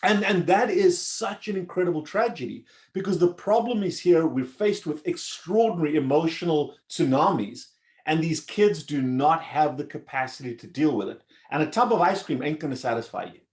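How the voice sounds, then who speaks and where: A man's voice: on the high side, animated, normal speed. A middle-aged man speaking as a doctor guest in an interview, earnest and explaining his points at length. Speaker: surgeon guest. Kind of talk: conversational interview.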